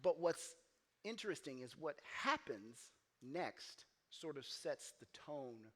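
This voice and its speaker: A man preaching a sermon as pastor, telling a story and acting out the voices in it. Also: mid-range voice. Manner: animated, acts out quoted voices, gets loud and emphatic. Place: church.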